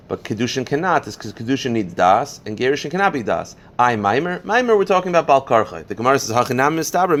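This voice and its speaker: A rabbi leads a daily Talmud class, quickly reading the Aramaic source before rendering it in plain English, his voice ordinary in pitch for a man and a bit bright. He explains step by step, advancing the argument by posing questions and answering them.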